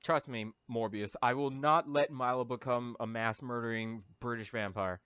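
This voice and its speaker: A man's voice: medium pitch, steady tone, normal speed, fairly bright tone, clear, resonant tone, no room sound. A man giving rambling, jokey movie-riffing commentary as a YouTuber, full of silly asides and stumbling fillers. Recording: dull lo-fi sound, dry.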